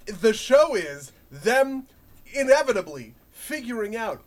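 A man in casual podcast chat, rambling and animated, laughing often and swearing. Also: high-pitched, a little slow. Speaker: podcast co-host.

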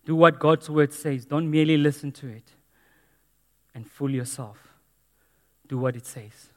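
A man's voice: a little high, unhurried, in a large hall. A man preaching a sermon in a church, earnest and emphatic, repeating key phrases. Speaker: pastor.

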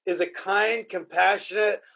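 A podcast host in casual chat, emotional and profane, often repeating himself. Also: male voice, high-pitched, fairly even intonation, unhurried, gravelly, bright, forceful tone.

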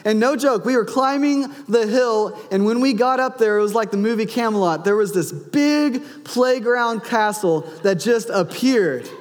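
A man in his thirties preaches a sermon, telling a family story and acting out the voices in it. His voice sits high for a man. A long hall reverb trails each phrase, as in a church sanctuary. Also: normal speed, hardly any pauses. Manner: storytelling, acts out his son's and his own lines. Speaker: pastor.

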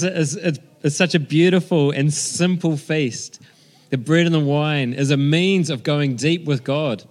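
A man giving a sermon as pastor, conversational and enthusiastic, often restarting his phrases. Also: fairly high pitch.

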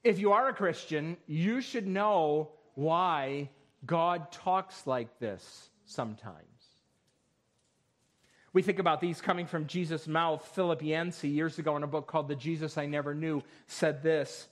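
A man preaching a sermon in a church, reading scripture with rising force and then explaining it in a calmer, conversational way. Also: on the high side, a little slow. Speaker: pastor. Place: church sanctuary.

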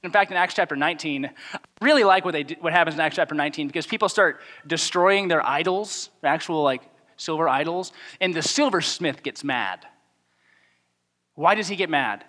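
A man delivers a sermon in a high voice and acts out the people he quotes with animated energy. His voice rings through a church hall with a long reverb tail. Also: a little fast. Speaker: pastor.

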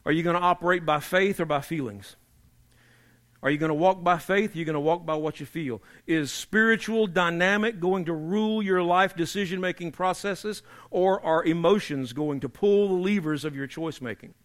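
A man preaching a sermon, emphatic and repetitive, dropping low and quiet to drive points home. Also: moderate pace. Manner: emphatic preaching, repeats key phrases, drops to quiet for emphasis. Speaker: pastor.

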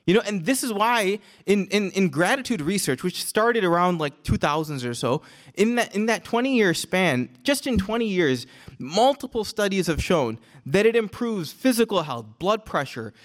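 A man explaining a religious text to a class, with a conversational manner, rhetorical questions and quick recitation. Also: sits high, very animated. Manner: conversational, thinks aloud with restarts and rhetorical questions; recites Arabic verse quickly. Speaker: Islamic teacher.

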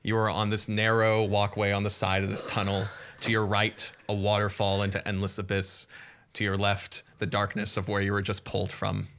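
A man running a tabletop game as game master, narrating scenes at an unhurried pace with casual fillers. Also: fairly low pitch, monotone, fairly bright tone, a little hiss or hum.

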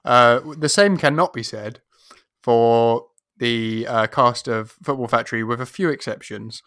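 A man's voice: medium pitch, measured pace, fairly bright tone, dry recording, studio quality. A man, co-hosting a film podcast, talking in a rambling, sweary, laughing way. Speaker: podcast co-host. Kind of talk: casual chat.

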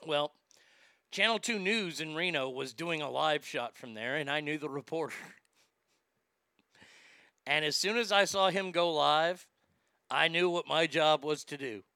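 Guy ranting on his talk show, sarcastic, swears a lot, bright tense voice, real dry sound. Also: on the high side, unhurried, long pauses, clean tone, no room sound. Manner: blunt, profane, sarcastic; reads listener comments aloud. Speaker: radio talk show host.

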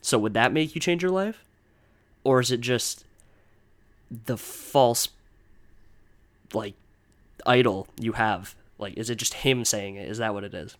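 A man's voice: mid-range voice, measured pace, long pauses, clear, resonant tone. Young man ranting, exasperated. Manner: exasperated, swearing, rambling with many "like"s. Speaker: podcast host. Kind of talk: casual solo rant.

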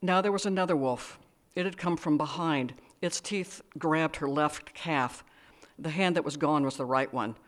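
A woman's voice: low voice, moderate pace. A woman author reading her own fiction aloud, with wry, dry asides and hesitant fillers. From United States. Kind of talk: live literary reading with asides.

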